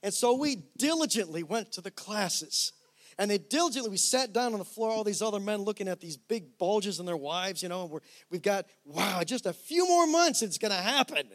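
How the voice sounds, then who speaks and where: A middle-aged man preaches from the pulpit in a light, high voice. He tells a personal story in an animated, conversational way, stumbling over restarts as he goes. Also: normal speed. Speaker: pastor. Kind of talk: sermon.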